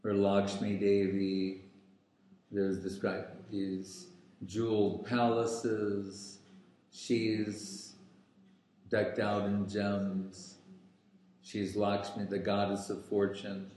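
A man giving a scriptural lecture as a spiritual teacher, speaking deliberately with many pauses and fillers. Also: on the low side, monotone, darkish tone, a little hiss or hum. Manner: slow and deliberate, pausing with fillers. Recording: very echoey room.

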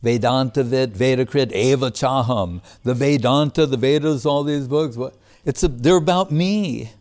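A man's voice: medium pitch, steady tone, normal speed, a little mellow. A man giving a casual devotional class as a spiritual teacher, talking in a loose conversational way with frequent chuckles and restarts.

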